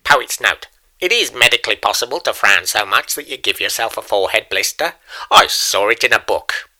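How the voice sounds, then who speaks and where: A man's voice: fairly low pitch, animated, moderate pace, sharp tone, dry recording. A man voicing a pompous male poet who interrupts a storybook to lecture the listener condescendingly. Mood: smug. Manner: self-important, condescending asides to listener. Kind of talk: comic storybook narration.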